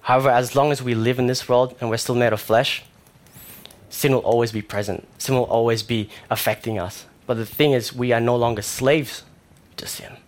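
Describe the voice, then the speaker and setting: A young man preaching a sermon in a conversational way, with fillers and animated stories. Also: mid-range voice, normal speed.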